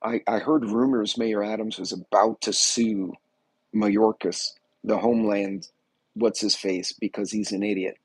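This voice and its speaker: A man hosts a casual livestream in a folksy, rambling way. His voice sits a little low and sounds husky. The sound is dry and close, with almost no room echo. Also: fairly even intonation, a little slow. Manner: rambling, folksy, greets chat viewers by name. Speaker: livestream host. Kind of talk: casual political livestream chat.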